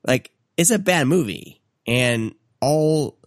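A man co-hosting a film podcast, speaking in a hesitant, halting way. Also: a little high, lively intonation, dry recording, studio quality. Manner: hesitant, halting, searching for words. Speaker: podcast co-host. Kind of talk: casual film podcast chat.

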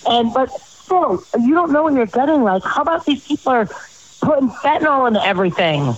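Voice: sits high, big pitch swings, brisk, lo-fi sound. A host rambling through profane personal stories in a casual chat.

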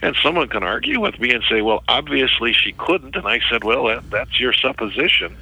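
A middle-aged man, a ministry worker, recounting a story as an interview guest in a halting way, often repeating words. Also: mid-range voice, animated, gravelly, sharp tone, husky, rough recording.

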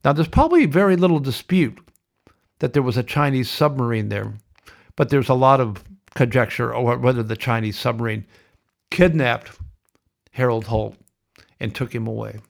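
A man's voice: mid-range voice, moderate pace, creaky, pauses often. A middle-aged man hosting a podcast, delivering a blunt, sardonic, ranting monologue. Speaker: podcast host.

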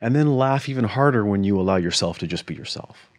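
A man's voice: on the low side, fast talker, dry recording. A man co-hosting a podcast, chatting casually and acting out the dialogue in his stories. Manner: animated storyteller, acts out quoted dialogue. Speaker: podcast co-host. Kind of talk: casual conversation.

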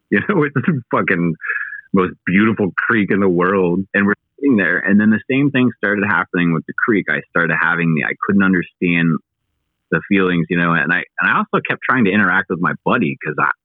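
A low-voiced man in his thirties tells a long personal story, stumbling over words and swearing freely. His voice comes through a thin, phone-like remote line. The sound is dry, with no room echo. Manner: excitable, halting, swears freely. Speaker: guest.

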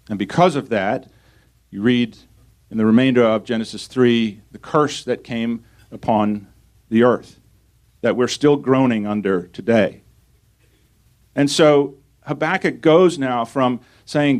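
A man's voice: medium pitch, unhurried, long pauses, darkish tone. Male pastor, mid-range voice, earnest sermon delivery with rhetorical questions. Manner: earnest preaching, reads scripture aloud and asks rhetorical questions.

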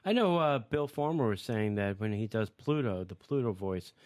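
A man's voice: fairly low pitch, animated, normal speed, darkish tone, dry recording. A man hosting a casual interview, giving short encouraging reactions and questions. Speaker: host.

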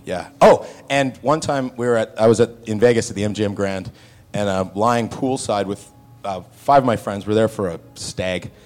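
A man on a convention panel telling long stories, lively and acting out the voices of the people he quotes. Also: mid-range voice. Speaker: panel guest actor.

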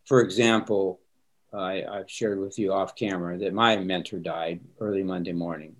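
A man's voice: low voice, steady tone, normal speed. A middle-aged man, a pastor, speaking earnestly and reflectively in a conversation, often repeating words as he starts sentences. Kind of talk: conversational interview answers.

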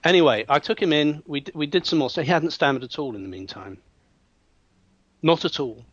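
A man, a hypnotherapist telling a client story in an interview, lively and acting out voices with frequent restarts. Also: a little high, a little fast, no room sound. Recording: dull, dry sound.

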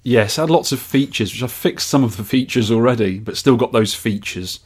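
A man's voice: mid-range voice, a little fast, husky. A man co-hosting a podcast, chatting playfully and reading listener feedback. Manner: jokey, playful. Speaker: podcast co-host.

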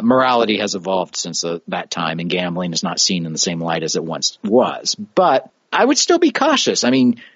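A man hosting a podcast, talking in a thoughtful, measured, cautionary way. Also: fairly low pitch, a bit bright, no echo. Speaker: podcast host. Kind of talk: casual podcast chat. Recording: slightly dull lo-fi audio.

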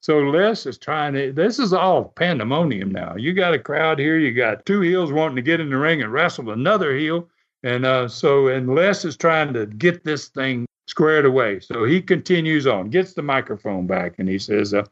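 A man's voice: medium pitch, animated, moderate pace. Man spinning a folksy wrestling story. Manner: folksy, laughs often, many fillers. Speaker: former wrestler telling stories. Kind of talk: casual storytelling. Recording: slightly muffled recording.

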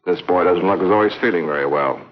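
An actor voicing a cool wisecracking hero, relaxed and reassuring, with a very deep voice. The sound is dull and lo-fi, old radio broadcast quality. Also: male voice, quick pace, soft background music, natural voice. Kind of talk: 1950s radio drama acting. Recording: dull lo-fi 1950s recording.

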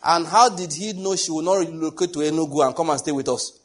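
Preaching a sermon, this middle-aged Nigerian man speaks quickly in a voice on the high side. His storytelling is lively, and he performs the characters' dialogue himself.

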